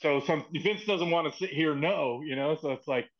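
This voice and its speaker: A man guesting on a podcast, telling stories casually in an animated way, swearing freely and acting out the people in them. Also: a little high, normal speed, muffled recording. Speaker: podcast guest, former wrestling writer. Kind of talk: casual storytelling.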